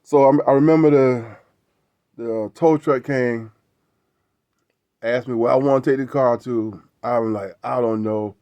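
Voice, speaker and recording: A man's voice: medium pitch, fairly even intonation, a little slow, pauses often, dark tone, no echo. A middle-aged man hosting a show, telling a casual story in a rambling way, repeating words and tagging lines with "right?". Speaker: show host.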